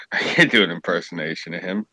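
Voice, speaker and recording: Deep-voiced man, dry and bright. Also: moderate pace, low-quality recording. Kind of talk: casual chat.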